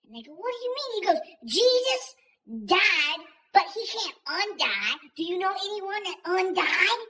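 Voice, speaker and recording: A man's voice: very high-pitched, very animated, measured pace, pushed and bright, full character voice, low-quality recording. A man doing a profane, rambling comic vlog story in the voice of a foul-mouthed old grandma. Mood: rowdy, profane. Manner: profane, rambling, self-interrupting. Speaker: YouTuber.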